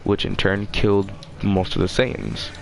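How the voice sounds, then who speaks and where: A man's voice: fairly low pitch, animated, unhurried, vocal fry, faint music behind. A man hosting his own channel, rambling casually and swearing freely as he loses his train of thought. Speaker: channel host.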